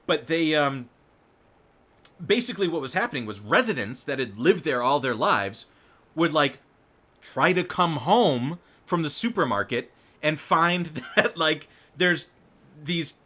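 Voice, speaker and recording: A man hosting a live political commentary show, his voice bright and forward. He talks in an animated, rambling way, laughs often and swears freely, and he reads news items aloud and keeps cutting in with his own asides. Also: fairly high pitch, unhurried. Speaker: show host.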